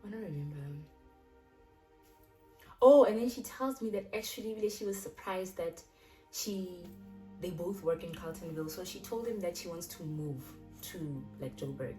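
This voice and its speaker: Speaking at a moderate pace in a lowish voice, a young South African YouTuber recounts a personal story with animation, performing the quoted dialogue of the people involved. Background music plays, and the distant mic picks up an echoey room.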